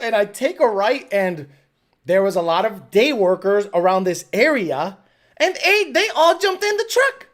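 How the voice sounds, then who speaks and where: A woman hosting a live show, telling stories in a loose, profane way. Her pitch swings widely as she tells them, and she laughs often between lines. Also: sing-song, moderate pace. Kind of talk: casual storytelling.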